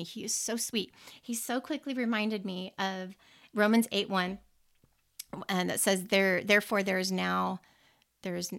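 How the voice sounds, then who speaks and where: A middle-aged woman hosts a podcast and talks earnestly about her faith. She rambles a little, restarts her sentences and laughs softly now and then. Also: mid-range voice, gravelly. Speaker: podcast host. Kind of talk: personal faith talk.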